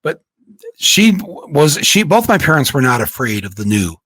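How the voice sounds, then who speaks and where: A male podcast host from Michigan speaking in a relaxed, reflective way, often restarting his sentences. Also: medium pitch, moderate pace, husky, dry recording. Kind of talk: casual conversation.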